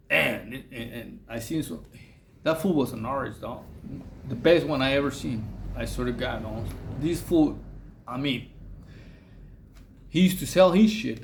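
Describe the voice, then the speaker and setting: A man's voice: mid-range voice, vocal fry, slight background noise. A man telling a long story in a casual, rambling way, full of slang and fillers. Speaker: vlogger telling prison stories.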